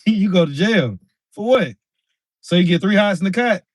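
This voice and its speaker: A man's voice: high voice, expressive, normal speed. A man from New York hosting a casual livestream, laughing often and talking straight to his chat. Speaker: street interview channel host.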